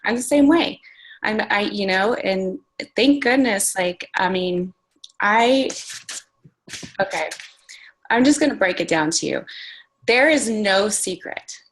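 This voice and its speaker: Sharing takeaways as a fitness coach on a conference call, a woman gives a casual, earnest motivational talk loaded with "like" and "you guys". Her mid-range, fairly bright voice is animated yet slow, with long pauses, and the recording quality is low.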